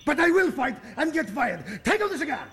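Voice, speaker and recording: An actor playing a proud, hot-tempered immigrant banana truck driver, who shouts and later sobs. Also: male voice, very high voice, big pitch swings, fairly quick, a little hiss or hum, heavily acted. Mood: defiant. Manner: shouting, then sobbing. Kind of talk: film drama acting.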